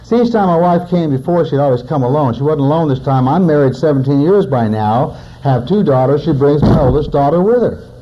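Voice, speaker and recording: A man's voice: on the high side, expressive, brisk, dull audio, a little hiss or hum. A man in his forties, a recovering alcoholic, giving a personal testimony in a plainspoken storytelling manner with wry humor. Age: 40s.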